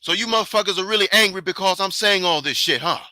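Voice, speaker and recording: A man's voice: high-pitched, fast talker, sharp tone, dry recording. A man hosting his own podcast, delivering a heated, profane rant and taunting his listeners with repeated challenges. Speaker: podcast host. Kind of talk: angry solo podcast rant.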